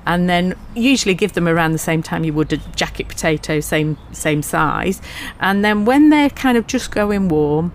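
A woman's voice: on the low side, lively intonation, normal speed, slight background noise. A woman co-hosting a casual gardening chat, talking in a chatty, storytelling way. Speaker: co-host.

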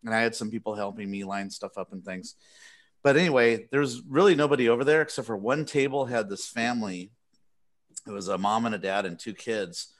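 A man's voice: fairly low pitch, brisk. A man from California hosting a podcast, telling a story in a rambling, self-deprecating way and laughing often. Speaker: podcast host. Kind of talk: casual storytelling among friends.

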